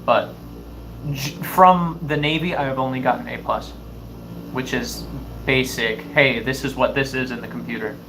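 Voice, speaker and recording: A man's voice: medium pitch, fairly even intonation, moderate pace. Joking man on a noisy mic. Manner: chimes in with short jokey remarks. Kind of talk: casual chat.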